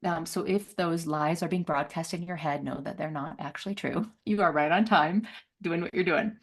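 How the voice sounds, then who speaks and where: A middle-aged woman telling a personal story as an interview guest, laughing often and acting out voices with big jumps in pitch. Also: moderate pace. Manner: laughs often, many fillers.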